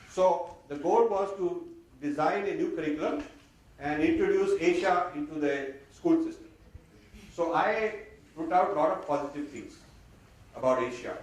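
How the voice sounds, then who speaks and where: Man lecturing in a very echoey hall. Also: a little high. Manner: animated, mixes in Hindi phrases. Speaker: speaker. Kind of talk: public talk. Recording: distant mic, very echoey hall, faint noise.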